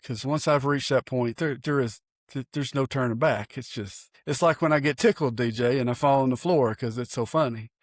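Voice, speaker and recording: A man's voice: mid-range voice, normal speed, few pauses, dry recording. Earnest folksy man, dry close sound. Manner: folksy and earnest, animated with many restarts. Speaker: pastor and podcast co-host. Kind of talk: casual chat.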